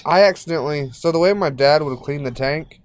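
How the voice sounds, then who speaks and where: A man's voice: fairly high pitch, brisk. A man co-hosting a podcast, chatting casually and throwing in dry quips. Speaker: podcast co-host. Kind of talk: casual chat.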